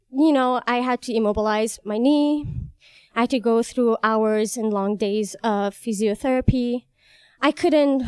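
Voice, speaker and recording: A young woman from Iran, telling a personal story on stage in an animated, wry way. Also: fairly high pitch, clean tone, dry recording, studio quality. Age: young adult. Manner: animated, wry, laughs between lines.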